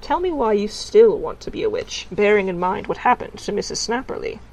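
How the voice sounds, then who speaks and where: Storybook witch: stern, dry, sardonic, mid-pitched; read by a woman. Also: very animated, a little fast, a little mellow, rough recording.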